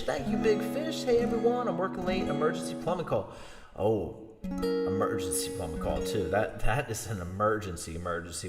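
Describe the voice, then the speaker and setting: Rambling man chatting on a livestream. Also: lowish voice. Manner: rambling, chuckling, quick asides. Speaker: livestream host and musician. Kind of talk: casual livestream chat. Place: home room. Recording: roomy reverb, guitar music.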